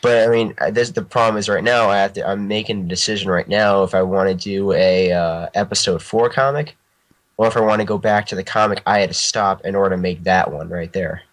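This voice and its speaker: A man's voice: low-pitched, brisk, poor audio. A man chatting casually as a guest artist, rambling and restarting his sentences and laughing often. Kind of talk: casual chat.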